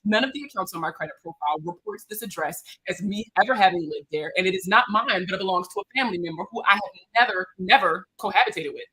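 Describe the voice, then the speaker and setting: A woman with a Baltimore accent, a credit repair consultant, answering viewers' questions in a casual livestream, animated and slangy, joking with her audience. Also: mid-range voice, quick pace, hardly any pauses, breathy edge, poor audio.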